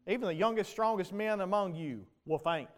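Preacher guy, high voice, keeps asking the crowd stuff and gets loud and fired up. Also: a little fast. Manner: preaching with rhetorical questions to the congregation, rising to shouts. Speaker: pastor. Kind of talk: sermon.

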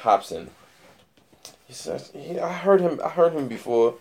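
A man's voice: on the high side, animated, unhurried, gravelly, darkish tone. A man co-hosting a casual music podcast, talking in a laid-back, rambling way with lots of fillers. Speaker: podcast co-host.

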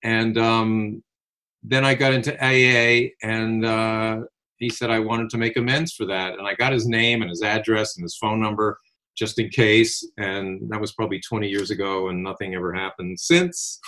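A man's voice: lowish voice, normal speed. Man telling rambling anecdotes. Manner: animated, rambling anecdotes with restarts and laughs. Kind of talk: casual conversational storytelling.

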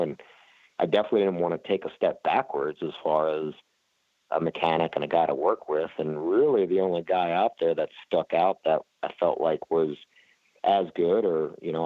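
A man's voice: sits low, no echo, phone-quality sound. A man, a racer being interviewed, talking casually and rambling with lots of fillers and restarts. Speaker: flat track racer, guest.

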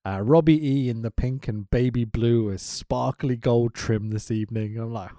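A man's voice: mid-range voice, fairly even intonation, moderate pace, hardly any pauses, mellow, no room sound, clean studio sound. A man co-hosting a casual wrestling recap podcast, laughing often and swearing freely. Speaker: podcast co-host.

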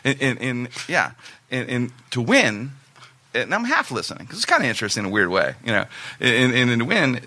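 A man telling a long story in a casual chat, in an animated way, rambling and often breaking off to restart his sentences. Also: mid-range voice, a little fast, dry recording. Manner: animated, rambling, self-interrupting.

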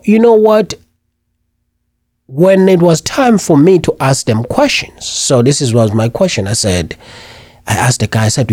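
A man in his forties from Africa, hosting a radio talk show and telling a story in an animated, chatty way. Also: on the high side, dry recording, clean studio sound.

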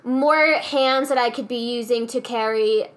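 High-voiced woman telling a lively story. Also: a little slow. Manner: animated, swears freely, mimics customers. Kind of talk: casual storytelling chat.

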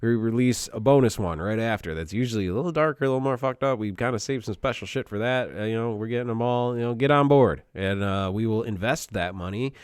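A man's voice: mid-range voice, quick pace, few pauses, clean tone, no echo, studio quality. A man co-hosting a podcast, chatting crudely and telling stories with lots of swearing. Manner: profane, animated storytelling with jokey voices. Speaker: podcast co-host. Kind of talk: crude casual banter.

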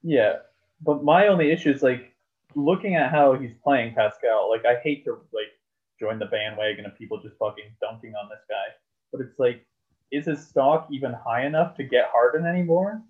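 A man's voice: mid-range voice, moderate pace. Swearing man on a tinny line. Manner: rambling, swears freely, lots of fillers. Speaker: podcast co-host. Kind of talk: casual sports chat. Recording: tinny phone-like sound.

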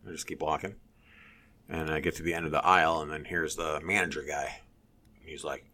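A man telling a story in casual chat, animated and swearing, mimicking others in a high voice. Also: brisk, pauses often.

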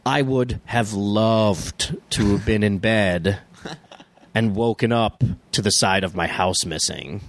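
A man co-hosting a podcast in casual chat, rambling through stories with animated impressions. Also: on the low side, slow pace. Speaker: podcast co-host.

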